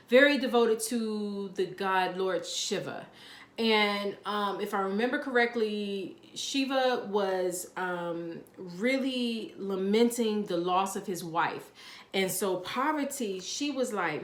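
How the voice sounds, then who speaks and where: A woman talks through a casual tarot reading in a chatty, rambling way, full of fillers and asides. Her pitch sits in the middle, and the recording has a noticeable room echo. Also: a bit bright. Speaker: tarot card reader.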